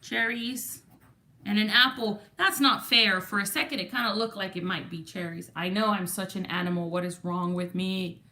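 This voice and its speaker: A woman's voice: medium pitch, fairly even intonation, moderate pace, sharp tone. A woman with a Texan accent hosting a livestream, chatting casually and greeting viewers from the chat. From Texas. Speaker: livestream host.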